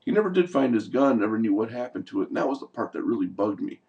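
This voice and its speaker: Gravelly man ranting about a show. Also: fairly low pitch, big pitch swings, fast talker, a little mellow, distant mic, lo-fi sound. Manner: heated, profane, exasperated. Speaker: TV show commentator. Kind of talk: casual rant recap.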